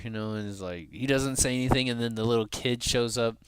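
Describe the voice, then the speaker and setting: A man giving excited fan commentary on an animated show, emotional and often laughing. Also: medium pitch, brisk, hardly any pauses, smooth, no echo.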